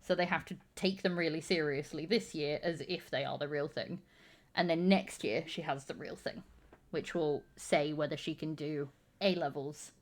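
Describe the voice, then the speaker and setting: A woman's voice: low voice, fairly even intonation, normal speed. A woman co-hosting a casual chat, talking about her family in a chatty, self-mocking way. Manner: chatty, self-mocking, bursts into loud mock shouting. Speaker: podcast co-host, mother.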